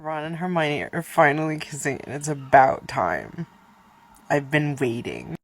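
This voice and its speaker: A woman's voice: sits low, lively intonation, measured pace, noisy background. A woman in her twenties reacting emotionally to movies in a casual vlog, rambling and dropping whispered asides. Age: 20s. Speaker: YouTuber.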